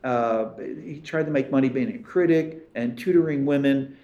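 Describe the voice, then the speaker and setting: A man's voice: medium pitch, moderate pace, mellow, lo-fi sound. A man speaking as a guest expert in a casual conversation, telling stories emphatically. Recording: roomy echo.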